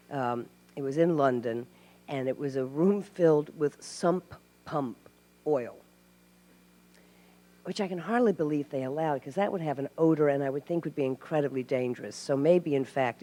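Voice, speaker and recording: A woman from Tennessee, a guest at a live Q&A, telling animated stories with laughs and restarts. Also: deep voice. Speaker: actress guest. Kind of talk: live Q&A storytelling. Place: stage before a live audience. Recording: hall reverb.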